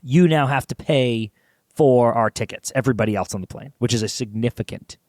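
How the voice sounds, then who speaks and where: Young male podcaster, playful scenario-builder, average pitch, dry sound. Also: brisk, darkish tone, no room sound. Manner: spins absurd hypotheticals, laughs often. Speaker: podcast co-host. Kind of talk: casual comedic podcast banter.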